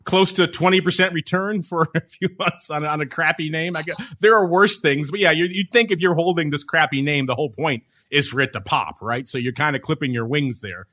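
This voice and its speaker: A man's voice: a little high, a little fast, few pauses, sharp tone. Playful, teasing male podcast host. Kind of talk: casual chat.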